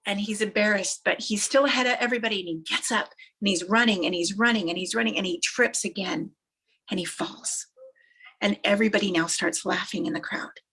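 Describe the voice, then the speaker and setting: This motivational speaker is a woman whose medium-pitched voice has a breathy edge and a fairly quick pace. Her uplifting stories come across animated and emphatic, with phrases repeated for effect.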